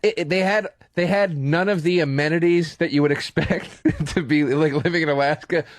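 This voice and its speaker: An American man with a slightly high voice tells a travel horror story on a podcast, getting worked up and swearing. He slips into the voices of the people he meets. The sound is dry and close. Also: brisk, no echo. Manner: animated, acts out people in his stories, swears. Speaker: podcast co-host. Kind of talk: casual storytelling chat.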